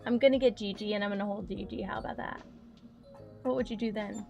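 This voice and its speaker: A young woman chatting casually on a livestream, soft-spoken and quick to laugh as she talks to her cats and her chat. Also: medium pitch, steady tone, vocal fry, muffled recording, faint music behind.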